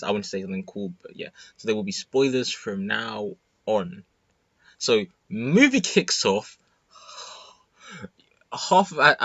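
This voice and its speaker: A teenage boy giving an excited, rambling movie review full of fillers and restarts. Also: lowish voice, no room sound, dull audio. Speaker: student vlogger. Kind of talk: casual movie review monologue.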